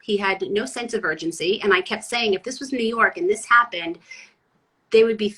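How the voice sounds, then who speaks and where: Blunt, bright-voiced woman from Boston. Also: medium pitch, normal speed, breathy edge, poor audio. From Boston area, USA. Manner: blunt, animated storytelling. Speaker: guest, chef and former sports reporter. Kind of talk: casual interview chat.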